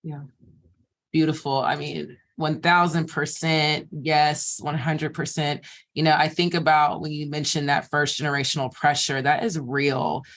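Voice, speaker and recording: A woman hosting a podcast, affirming her guest warmly with short agreements before reflecting on her point. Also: sits low, level tone, a little slow. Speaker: podcast host. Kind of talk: conversational interview.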